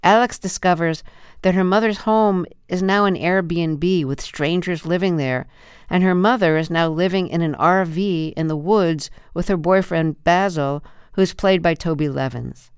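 A woman radio interviewer narrating a measured, clear introduction before a conversation with her guest. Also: on the low side, dry recording, studio quality.

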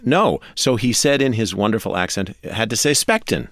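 A man as a radio interview guest, telling show-business history in a measured way with fillers. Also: fairly low pitch, lively intonation, dry recording.

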